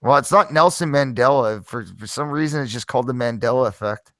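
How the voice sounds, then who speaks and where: A man hosting a casual podcast, talking in an excitable, rambling way and swearing a lot. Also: mid-range voice, a little fast, dry recording. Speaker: podcast host.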